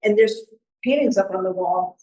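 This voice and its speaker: A woman's voice: mid-range voice, normal speed, dark tone. A woman talks a live audience through her painting in a loose, chatty way, stopping to think aloud as she goes. She sits well back from the microphone, so her voice comes across thin and a little faint. The room around her rings with a strong echo. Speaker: painting demonstrator. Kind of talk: live art demonstration talk. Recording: echoey room recorded from far off.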